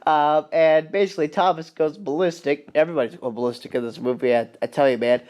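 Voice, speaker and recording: A man casually recapping a film he loves, rambling and excited, with many fillers and restarts. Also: a little high, fast.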